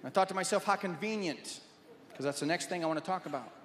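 Animated stand-up comedian man, echoey hall. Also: on the high side, rapid-fire. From Nebraska, USA. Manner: animated, jokey storytelling. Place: large venue with audience. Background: loud audience laughter.

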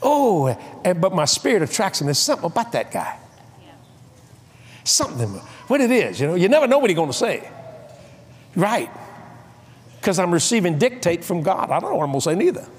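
An older man preaching a sermon, telling comic stories and acting out voices with shouts and laughs. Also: high voice, big pitch swings, a little fast, slightly rough. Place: large convention hall.

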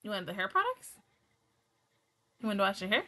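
Bright-voiced giggly woman gushing. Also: medium pitch, big pitch swings, brisk. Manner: gushing and giggly, breaks into laughter; chatty with slangy asides. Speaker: anime reaction channel host. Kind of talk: casual reaction commentary.

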